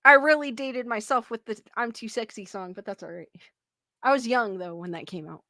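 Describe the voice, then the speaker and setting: Giggly high-voiced woman hosting a stream. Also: normal speed, bright, forceful tone, no echo, studio quality. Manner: giggly, laughs often, playful sing-song joking. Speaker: live-stream host. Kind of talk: casual live-stream chat, reading comments aloud.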